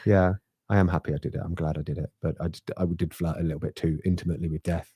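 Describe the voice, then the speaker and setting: Middle-aged man, podcast co-host, quick, slightly husky, low voice, dry sound. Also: no room sound. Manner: animated, laughing, swearing. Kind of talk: casual chat, storytelling.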